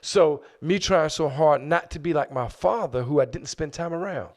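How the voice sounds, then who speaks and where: Man, middle-aged, casual podcast talk, loud, profane, talks over others. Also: on the high side, moderate pace. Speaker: podcast co-host.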